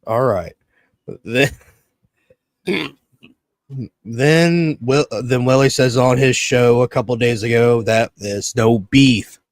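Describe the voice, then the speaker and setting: A man's voice: medium pitch, slow, long pauses, dry recording. A man co-hosting a podcast in casual chat, rambling, swearing often and acting out what others said. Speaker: podcast co-host.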